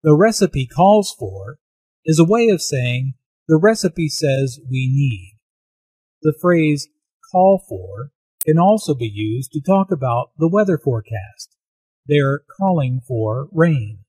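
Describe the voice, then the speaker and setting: A man narrating language notes in an English lesson in a calm, explanatory manner. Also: on the high side, slow, breathy edge, no echo, poor audio. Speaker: English teacher.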